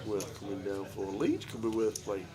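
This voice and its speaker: A man's voice: on the low side, normal speed. A man doing live poker commentary, chatty and jokey, with rambling asides. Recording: crowd chatter of a live card room.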